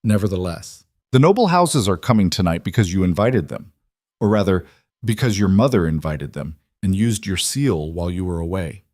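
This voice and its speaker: A man voicing a shrewd older male royal counsel who speaks quietly and in a measured way. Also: low-pitched, lively intonation, no room sound, studio quality. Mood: dry, patient.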